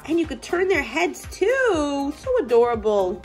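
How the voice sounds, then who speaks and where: Woman toy vlogger, gushing unboxing at home, bouncy sing-song delivery over quiet music. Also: high-pitched, unhurried. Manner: gushing, gasping with excitement. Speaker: toy collector and parent blogger. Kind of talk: casual toy unboxing chat.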